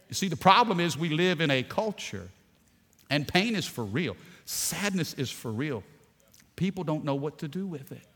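A male pastor preaching a sermon, animated and emphatic, often rising in force. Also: fairly high pitch, normal speed, long reverb tail.

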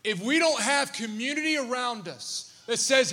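A man in his thirties preaches a sermon in a large hall, his voice high and bright. He tells stories with animated energy, stumbling into restarts and repeated words. A long reverb trails each line. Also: moderate pace, few pauses. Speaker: pastor.

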